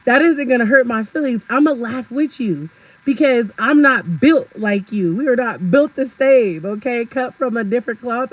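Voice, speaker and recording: A woman's voice: a little high, low-quality recording. A woman vlogger giving sassy, ranting commentary, laughing often and talking straight to her viewers.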